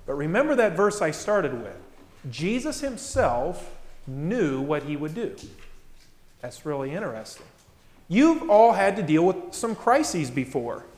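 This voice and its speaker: Speaking at a measured pace, this fairly high-voiced male pastor gives a sermon in an easygoing, conversational style, often posing rhetorical questions. The large church hall carries his voice with a long reverberant tail.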